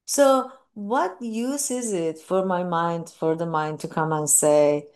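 Earnest woman, slightly low voice. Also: a little mellow. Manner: earnest, reflective, often pausing and restarting. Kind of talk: personal talk on mindfulness and grief.

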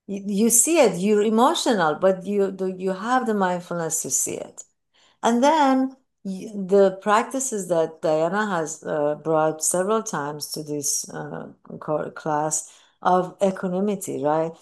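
A woman with a slightly low voice speaks earnestly and reflectively in a personal talk on mindfulness and grief. She often pauses and restarts her sentences. When she retells moments, her voice leaps up with feeling.

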